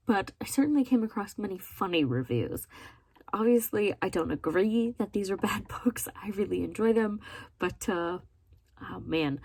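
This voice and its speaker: A woman vlogger talking casually about books in a slightly breathy, husky voice. She is expressive and openly incredulous, with frequent laughter. The sound is close and dry. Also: on the low side, no room sound. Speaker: book vlogger. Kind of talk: casual video commentary.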